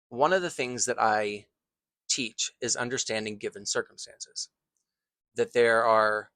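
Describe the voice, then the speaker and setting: A man who teaches acting tells a personal story in an earnest, thoughtful way, pausing and restarting phrases as he goes. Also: mid-range voice, fairly bright tone, dry recording.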